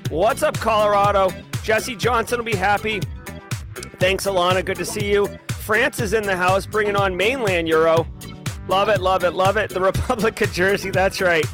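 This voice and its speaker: A man hosting a live show, giving playful, rapid shout-outs to viewers. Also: high voice, steady tone, music in the background. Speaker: livestream host.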